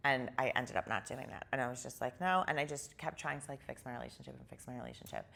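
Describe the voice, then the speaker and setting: A woman guest in a casual interview, retelling events in an animated way and using "like" a lot. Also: rumbling low, quick pace, vocal fry. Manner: animated retelling, heavy use of "like".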